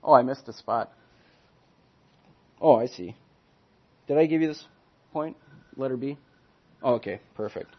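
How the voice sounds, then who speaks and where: An earnest man teaches a Bible study at a middle pitch. He punches his key words and then lets each phrase trail away quietly. The recording sounds dull and lo-fi. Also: a little slow, pauses often, slightly rough. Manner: earnest, emphatic, swings from loud stresses to soft trailing ends.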